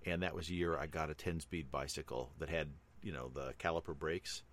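Deep-voiced middle-aged man telling stories. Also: fairly even intonation, brisk, a bit bright. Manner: rambling, with many fillers. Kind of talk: casual storytelling chat.

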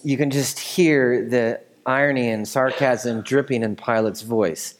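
A man's voice: medium pitch, measured pace, few pauses. A male pastor delivering a sermon in an easygoing, conversational manner. He explains the passage with frequent asides and checks in with his listeners, never stiff or formal. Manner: casual, conversational teaching with fillers and asides.

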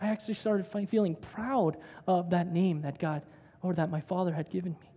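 Male pastor, chatty storytelling sermon, mellow tone, echoing hall. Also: sits high, steady tone, fairly quick, breathy edge. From United States. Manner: conversational storytelling with frequent "right?". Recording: long hall reverb.

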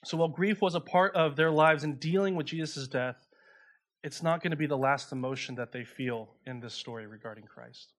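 A man with a somewhat high voice preaches in a calm, explanatory way. He reads scripture aloud and steps through its meaning plainly. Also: a little fast. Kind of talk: sermon.

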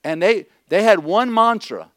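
A middle-aged male pastor delivers a conversational sermon in a fairly high voice. He is blunt and jokes freely. He keeps checking in with his listeners. The sound is dry and close. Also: lively intonation, unhurried, a bit bright, no room sound. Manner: blunt, joking asides, repeats "okay?".

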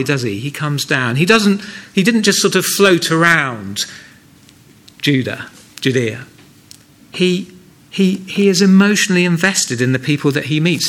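A man's voice: on the high side, bright, forceful tone. A man preaching a sermon in a church, earnest and conversational, often asking the listeners rhetorical questions.

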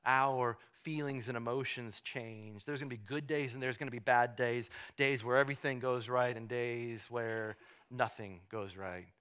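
A male pastor preaching a sermon, moving from hushed, slow emphasis to loud, high-pitched fervor, often repeating words as he restarts. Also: steady tone, clear, resonant tone.

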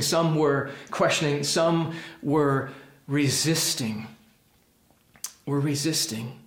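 A man delivers an impassioned sermon, his voice sitting high and ringing through a reverberant hall. He swings between hushed, heavy passages and bright, forceful outbursts as he acts out quoted speakers. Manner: impassioned preaching, voices quoted figures with rising pitch and force. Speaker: pastor.

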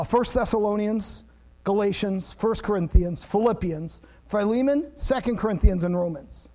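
High-voiced pastor telling a story. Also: male voice. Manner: animated, self-deprecating storyteller who laughs at himself; shifts to plain teaching about scripture. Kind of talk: sermon with personal storytelling.

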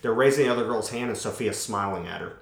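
Low-voiced rambling dad. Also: male voice, quick pace, creaky. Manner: rambling, many fillers. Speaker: parent of a young athlete. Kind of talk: casual chat. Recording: echoey room.

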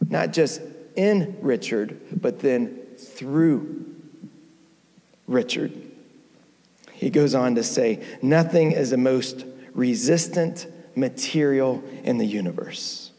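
A man's voice: mid-range voice, slow, creaky, mellow. A man preaching a sermon as a guest speaker, telling a story and building to emphatic peaks. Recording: long church reverb.

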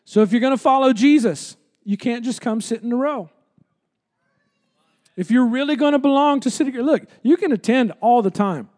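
A man's voice: very high-pitched, normal speed, darkish tone. A man preaching a sermon as pastor, with impassioned, emphatic repetition.

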